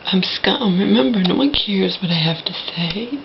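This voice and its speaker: A woman's voice: mid-range voice, animated, normal speed, creaky, few pauses, highs cut off, a little hiss or hum. A woman talking straight to her viewers from a home, rambling with many restarts and dropping into a whisper at times. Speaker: vlogger. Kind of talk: personal vlog monologue. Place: indoors at a home.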